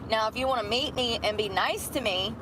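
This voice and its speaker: A woman's voice: on the high side, fairly quick, background noise. A middle-aged woman ranting bluntly and profanely about her job. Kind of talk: candid rant.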